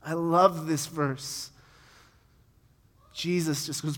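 A man preaching a sermon, retelling a scripture passage in a conversational, animated way with light laughter. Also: a little high, normal speed, long reverb tail.

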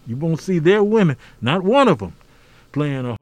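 A man's voice: a little high, sing-song, normal speed, no echo. An older man from the United States giving a podcast interview, talking emphatically and preacherly, often adding "see?". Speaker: podcast guest. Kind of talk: conversational interview.

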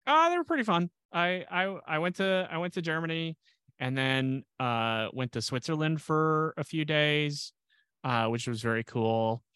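A man's voice: fairly high pitch, animated, unhurried, a bit bright, clean tone, no room sound. A man co-hosting a podcast in casual chat, rambling with lots of restarts and dry jokes. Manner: rambling, restarts a lot, self-deprecating jokes. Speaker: podcast co-host.

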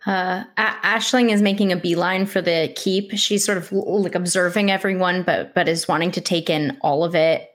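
A woman's voice: on the low side, steady tone, normal speed, hardly any pauses. A woman playing a tabletop role-playing game, describing her character's actions hesitantly, with fillers and restarts. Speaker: player.

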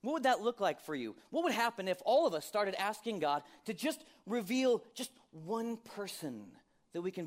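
A man preaching a sermon as a pastor, talking in a conversational way, asking many rhetorical questions and laughing often. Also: on the high side.

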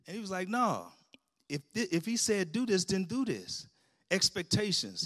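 A middle-aged man preaching a sermon in a church, lively and colloquial, laughing with the congregation and calling out amens. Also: a little high. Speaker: pastor. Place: church sanctuary.

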